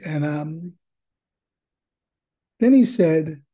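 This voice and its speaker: A man's voice: a little high, slow, long pauses, mellow, slightly rough. An older man telling his story at a recovery meeting, earnest and rambling, with many fillers and repeated words. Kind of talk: personal testimony.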